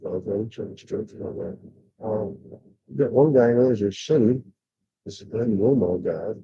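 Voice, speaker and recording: A man's voice: on the low side, measured pace, husky, no echo. An older man rambling casually on a livestream, bluntly complaining, with many fillers and restarts. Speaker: vlogger. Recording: dull lo-fi sound.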